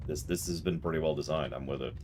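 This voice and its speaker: A man's voice: extremely low pitch, quick pace, darkish tone. A man streaming a game, chatting casually and joking while he plays, often restarting his sentences. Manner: rambling, joking, repeats words as he restarts. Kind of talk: casual let's-play commentary. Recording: game noise playing under the voice. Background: game sound effects and gunfire.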